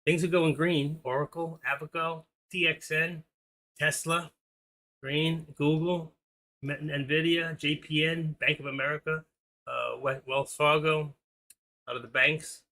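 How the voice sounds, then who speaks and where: A middle-aged man hosts a stock trading livestream, chatting casually while trading and greeting viewers by name. His voice runs on the high side, unhurried and flat in delivery yet bright and forceful in tone.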